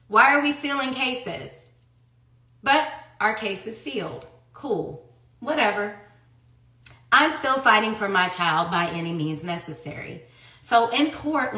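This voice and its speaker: A woman's voice: medium pitch, bright, forceful tone. A woman giving a heated personal account in an interview, blunt and profane, who hammers her points with repeated rhetorical questions. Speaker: interview guest. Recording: echoey room.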